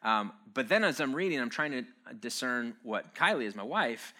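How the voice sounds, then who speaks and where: A man's voice: medium pitch, sing-song, moderate pace, bright, forceful tone. A man giving a casual, joking sermon-style talk, conversational and wry, with frequent "um"s and "uh"s.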